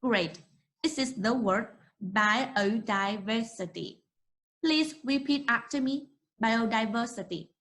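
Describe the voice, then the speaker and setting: A young woman with a Vietnamese accent teaching an English class online, encouraging and slowly modeling words for students to repeat. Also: on the high side, fairly bright tone, rough recording.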